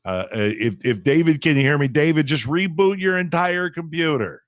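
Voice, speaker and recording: A man's voice: fairly high pitch, animated, normal speed, no echo, studio quality. A man hosting a casual talk show from home over a video call, rambling with many restarts. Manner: rambling, lots of restarts and fillers. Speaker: radio show host. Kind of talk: casual chat.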